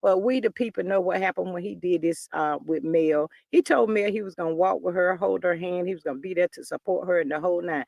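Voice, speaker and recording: A woman's voice: lowish voice, a little fast, gravelly, few pauses, a little mellow, no room sound. A woman hosting a casual gossip livestream, reading viewer comments in a chatty, drawling way and calling everyone "child.". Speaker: livestream host reading chat. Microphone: livestream computer mic.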